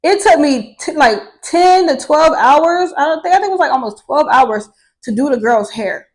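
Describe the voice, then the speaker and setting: A young woman vlogger telling her own life story to camera in a candid, profane, animated way. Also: high-pitched, normal speed, rough recording. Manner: candid and profane, swears freely; animated, with laughter.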